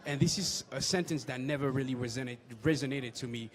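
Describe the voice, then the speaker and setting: A French-accented man, a filmmaker, answering interview questions with many pauses and fillers. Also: medium pitch. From France. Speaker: filmmaker guest. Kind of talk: casual interview.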